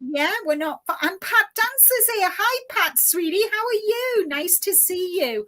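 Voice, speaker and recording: Woman, Scouse-tinged northwest English accent, high voice, chatty live-stream host, giggly. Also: expressive, unhurried, bright, forceful tone. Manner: chatty, reads out viewer comments, giggly. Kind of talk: casual live-stream chat.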